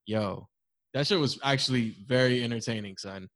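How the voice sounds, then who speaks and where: A young man, co-hosting a casual podcast chat, swearing freely and telling animated stories. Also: medium pitch, moderate pace, no room sound. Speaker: podcast co-host.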